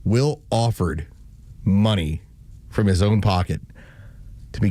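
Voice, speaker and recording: Low-voiced man co-hosting morning radio. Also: slow pace, pauses often, mellow, no echo. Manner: storytelling, acts out quotes. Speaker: radio co-host. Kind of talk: casual morning radio banter. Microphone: studio mic.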